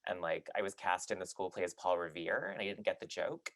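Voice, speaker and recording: A man on a podcast panel, chatting loosely with fillers and then reading a poem aloud in a measured way. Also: low voice, steady tone, a bit bright, no echo. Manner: chatty, many fillers and restarts in talk, measured when reading. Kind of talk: casual chat and poetry reading.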